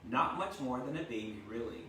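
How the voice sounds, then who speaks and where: A man's voice: mid-range voice, animated, brisk, pushed and bright. A male teacher reads a storybook aloud to his class from his kitchen, breaking off in a chatty way to explain words and asking "right?" as he goes. The room rings with echo and the mic sits far from him. A faint hum of background noise runs underneath. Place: home kitchen.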